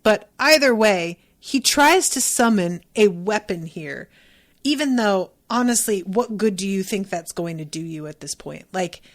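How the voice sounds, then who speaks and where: A woman hosting a podcast, recapping an episode in a chatty, animated way and swearing playfully. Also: medium pitch, measured pace. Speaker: podcast host.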